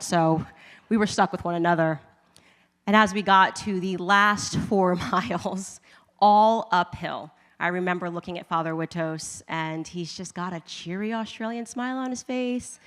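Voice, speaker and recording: A woman from the United States giving a chatty personal faith testimony, full of "like" and quick laughs between lines. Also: lowish voice, a bit bright, long reverb tail. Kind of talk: personal storytelling talk.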